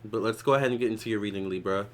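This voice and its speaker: A man's voice: on the low side, rapid-fire, a little hiss or hum. A man giving a casual psychic tarot reading in a chatty, loose way, with many fillers and restarts. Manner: prays softly. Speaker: tarot reader.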